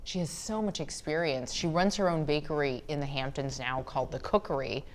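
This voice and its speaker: A woman's voice: sits low, steady tone, a little fast, a crowd in the background. A woman hosting a podcast, asking questions and reminiscing enthusiastically in casual chat. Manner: enthusiastic, laughing easily. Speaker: podcast host.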